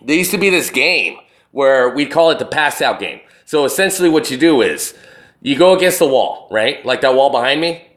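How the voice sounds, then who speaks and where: Profane rambling young man, lively pitch. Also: moderate pace. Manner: profane, rambling, swings between loud retelling and low muttering. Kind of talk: casual storytelling monologue to camera. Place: indoors, wall behind him.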